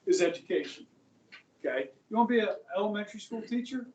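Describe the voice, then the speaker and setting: Middle-aged guy lecturing his class, jokey, keeps asking okay?, kinda high voice, boomy room. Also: lively intonation, quick pace, a little mellow, lo-fi sound. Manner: chatty, joking, keeps checking in with the class. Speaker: high school history teacher. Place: school classroom. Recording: echoey classroom, voice from far off.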